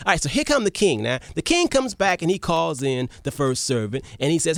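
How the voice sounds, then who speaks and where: Radio talk host telling a story, lively up n down voice, raspy-gravelly, dry sound. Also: mid-range voice, quick pace, hardly any pauses, dry recording. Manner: animated, repetitive, checks in with listeners.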